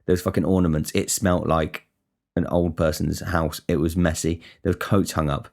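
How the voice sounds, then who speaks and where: Low-voiced man rambling. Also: little pitch movement, moderate pace, creaky, darkish tone. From England. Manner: rambling, swears freely, frequent restarts. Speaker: podcast host. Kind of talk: casual storytelling monologue.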